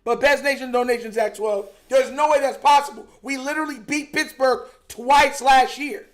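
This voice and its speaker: Hyped fan streamer guy, really high voice, reads donations and rants about the game. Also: normal speed. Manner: excitable, reads out donations, argues with himself. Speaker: streamer hosting a live game watch-along. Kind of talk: casual fan commentary over a live broadcast.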